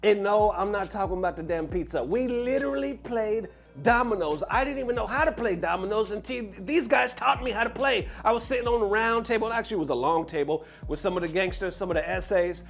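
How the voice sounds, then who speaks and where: A young man telling a true school story to viewers, animated and full of slang. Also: high-pitched, fairly quick, soft background music. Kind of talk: storytime vlog.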